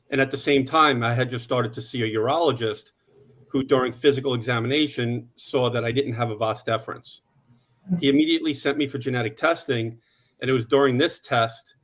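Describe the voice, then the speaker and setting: Man in his forties, mid-pitched voice, plain steady delivery, panel talk. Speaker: conference panelist. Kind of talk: personal story on a panel.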